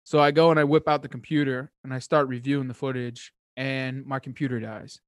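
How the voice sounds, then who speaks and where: A man telling a hunting story as a podcast guest, excitable and rambling, with lots of high energy. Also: brisk, no room sound, studio quality. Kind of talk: casual chat, hunting story.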